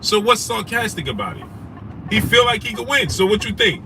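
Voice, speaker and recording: Brisk and higher-pitched, a man rants from a noisy car as a sports talk show host. He gives casual, animated live-stream commentary, calling out chat names and hammering on rhetorical questions.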